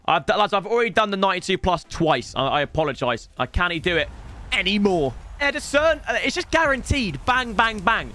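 A young man, talking fast and excitedly as he streams himself opening game packs. His voice sits high and bright, swinging up and down a lot. Now and then he erupts into shouted cheers, with faint music playing behind him. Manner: excitable, bursts into shouted celebrations. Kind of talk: live-stream pack-opening commentary.

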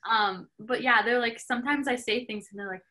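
Bright-voiced chatty Canadian woman. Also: fairly high pitch, a little fast. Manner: chatty, lots of filler words and laughs. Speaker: guest hockey player. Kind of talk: casual interview chat.

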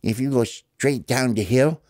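A man's voice: mid-range voice, a little slow, a little mellow, dry recording, clean studio sound. A man, a father improvising a story for a child, explaining patiently.

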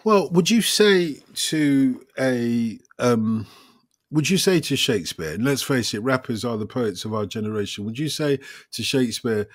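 A man hosting a conversation, telling stories in a lively, opinionated way. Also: mid-range voice, normal speed. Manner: storytelling, animated and opinionated. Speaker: host. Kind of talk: casual chat.

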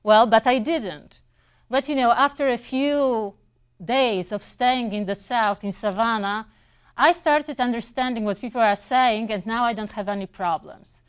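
A woman's voice: on the high side, a little slow, clear, resonant tone. A middle-aged woman, a non-native English speaker who teaches English, telling personal stories in a conversational way with small restarts. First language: not English. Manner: conversational, with brief restarts and fillers. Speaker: English instructor. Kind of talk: personal storytelling.

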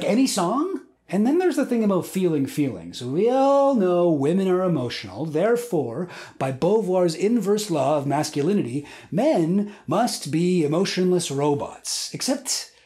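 A man's voice: high voice, darkish tone. A man in his thirties hosting a scripted comedic video essay, full of wry, self-mocking jokes.

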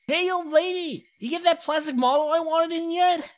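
A woman voicing an excitable young boy in a story game, brash and shouting eagerly. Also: very high voice, normal speed, voice pushed up.

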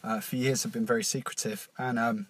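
A man hosting a confessional podcast, speaking in a halting, nervous and openly emotional way with many pauses and restarts. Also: medium pitch, little pitch movement, dry recording. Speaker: podcast host.

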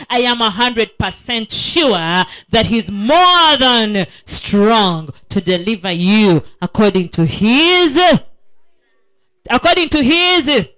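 A woman's voice: mid-range voice, fairly bright tone. A woman preaching a children's sermon at a school prayer week, asking her listeners questions and repeating key words for emphasis. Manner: slow, emphatic, asks the audience questions. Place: school assembly.

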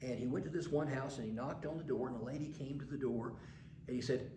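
A man's voice: mid-range voice, fast, reverberant, noisy background. An older man preaching a sermon, telling stories and building to emphatic passages. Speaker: pastor.

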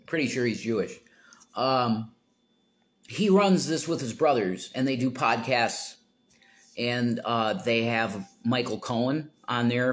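A middle-aged man holds forth in a loose, casual monologue at an ordinary mid pitch. He stops and restarts his sentences, drops into low mumbles, then climbs into loud, exasperated outbursts. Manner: rambling, self-interrupting, swings from mumbling to loud exasperation. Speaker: political commentator.

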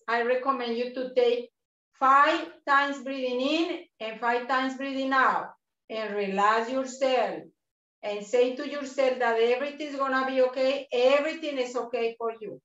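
A woman leading a guided breathing and chair yoga class over a video call, speaking slowly and encouragingly and repeating her instructions. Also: high-pitched, a bit bright. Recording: roomy, distant, dull video-call sound.

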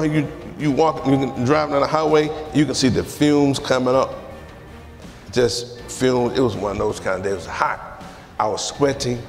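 Animated man preaching in a reverberant hall. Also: a little high. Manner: animated storytelling, repeats phrases, laughs. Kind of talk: sermon with personal testimony.

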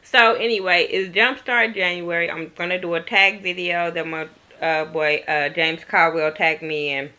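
A woman's voice: lowish voice, fairly even intonation, moderate pace, few pauses, bright, forceful tone. A woman from Compton, California, chatting bluntly and jokingly to the camera at home, swearing freely and laughing often. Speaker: vlogger. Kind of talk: casual chat to camera. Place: at home, indoors. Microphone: camera in front of her.

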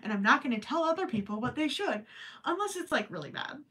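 Woman streamer, casual craft chat, bright voice, a little off-mic, swings from emphatic to hushed. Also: sits high, fast talker, recorded from a distance. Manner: animated, emphatic, trails off to near-whispers. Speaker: crochet live streamer.

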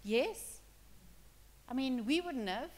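Woman preacher, higher voice, chatty sermon delivery that grows emphatic. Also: animated, slow pace, a little mellow, big-room sound. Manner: conversational preaching, builds to emphatic, acts out quotes. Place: church hall.

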